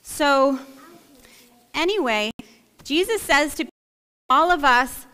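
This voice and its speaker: A woman's voice: high-pitched, lively intonation, slow pace, long pauses, pushed and bright. A woman pastor leading a playful, interactive children's story, coaxing the kids to act it out. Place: church sanctuary. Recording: echoey church hall.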